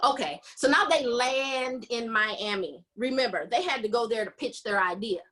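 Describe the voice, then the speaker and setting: Animated woman recapping a story. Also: a little high, normal speed. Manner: animated storytelling, acting out characters' lines. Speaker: podcast host. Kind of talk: casual book recap chat.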